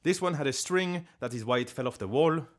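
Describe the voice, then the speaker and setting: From home, a streamer and voice actor chats casually on a live stream in English with a put-on French accent, rambling playfully and mocking himself. His voice is fairly high, brisk, and lively in intonation.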